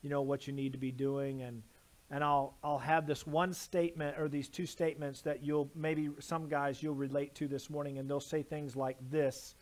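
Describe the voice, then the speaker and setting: A man's voice: fairly high pitch, level tone, moderate pace. A man preaching a sermon as pastor, with emphatic delivery and repeated lists of words. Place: church sanctuary.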